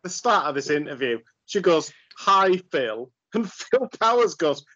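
A man's voice: a little high, lively intonation, moderate pace, fairly bright tone. A man, chatting casually on a podcast and making wry, chuckling remarks. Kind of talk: casual chat. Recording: dull lo-fi audio.

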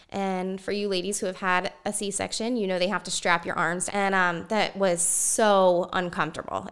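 A woman guest telling a personal story in conversation, animated and laughing often as she talks. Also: mid-range voice, clean tone.

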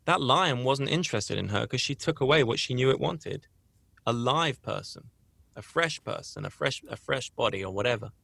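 A man's voice: mid-range voice, expressive, moderate pace, creaky, fairly bright tone, dry recording. A man hosting a podcast, telling a personal story in a rambling, earnest way with frequent restarts. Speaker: podcast host. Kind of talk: casual storytelling.

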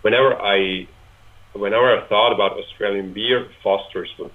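Over a tinny, phone-like line, a man from Switzerland in his twenties talks casually as a guest in an interview. He's hesitant, using many fillers and restarting often, in a lowish, steady voice at normal speed.

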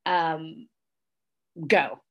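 A woman's voice: sits low, steady tone, drawn-out words, highs cut off. A woman co-hosting a casual movie podcast, chatty and easygoing, often laughing. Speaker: podcast co-host.

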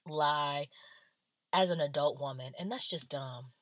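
A woman's voice: on the low side, animated, normal speed, no room sound. A woman giving casual, blunt and sarcastic celebrity gossip commentary.

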